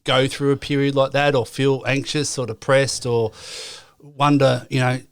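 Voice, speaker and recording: A man's voice: medium pitch, level tone, normal speed, vocal fry, clear, resonant tone. A man hosting an interview and asking long, supportive questions. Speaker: podcast host.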